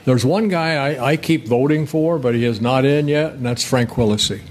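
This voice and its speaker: An older man, a former pitcher, is a guest in a relaxed interview, telling rambling, folksy stories full of restarts. His mid-range voice moves at a normal speed.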